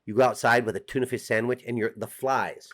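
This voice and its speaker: A man's voice: medium pitch, fairly even intonation, a little fast, a bit bright. Middle-aged American male vlogger, mid-range voice, chatty and teasing to camera. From United States. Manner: chatty, joking, direct address to viewers. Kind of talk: casual talk to camera.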